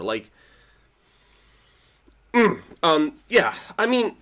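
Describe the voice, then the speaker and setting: A man giving a casual reaction review of a TV episode, rambling with lots of "like" fillers and restarts, swinging between excited and quiet. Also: medium pitch, a little slow. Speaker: TV show reviewer.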